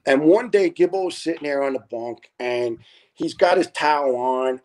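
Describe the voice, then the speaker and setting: A man in his fifties tells casual stories as a podcast guest, animated and profane. He laughs often and restarts his sentences, and his voice sits a little higher than most men's. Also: moderate pace. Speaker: podcast guest, retired fire lieutenant. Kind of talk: casual storytelling.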